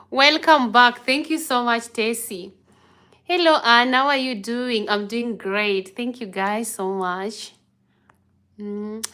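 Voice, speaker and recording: A woman's voice: a little high, fairly bright tone. A young woman hosting a casual live stream from her phone, greeting and thanking viewers by name with an effusive manner. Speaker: vlog host doing a live stream. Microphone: phone camera.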